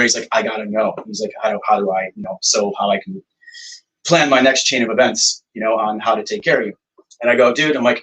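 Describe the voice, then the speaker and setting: A man's voice: on the low side, fast talker, far from the mic, low-quality recording. A man, a songwriter and producer, casually telling stories in an interview, acting out quoted dialogue with lots of fillers. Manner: animated storyteller, acts out quoted dialogue, frequent fillers.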